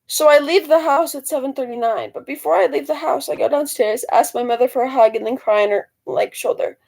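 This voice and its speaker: A teenage girl talks straight to her camera in a loose, rambling vlog. Her voice sits a little high and drops into gravelly fry. She circles back and corrects herself as she goes. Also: fairly quick, a little mellow, poor audio. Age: teens. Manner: rambling storytelling with many restarts and fillers. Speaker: vlogger. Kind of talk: casual talking-to-camera vlog.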